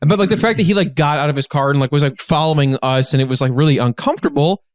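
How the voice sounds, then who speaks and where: A man, a guest comedian, telling a story in casual podcast chat, rambling and animated with lots of filler words. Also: a little high, fast talker, clear, resonant tone, no room sound, studio quality. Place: living in a big city.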